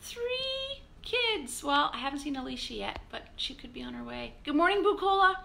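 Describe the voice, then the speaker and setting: A woman's voice: high-pitched, big pitch swings, normal speed, creaky, pushed and bright, a little hiss or hum. A woman pastor leading a live-streamed morning devotional, chatty and upbeat as she greets viewers by name.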